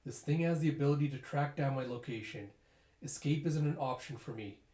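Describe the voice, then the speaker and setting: Man voicing a resolute veteran commander: measured, grave, mid pitch, echoey room. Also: dark tone, close to an everyday voice. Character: stern veteran male commander, older, resolute. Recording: roomy echo.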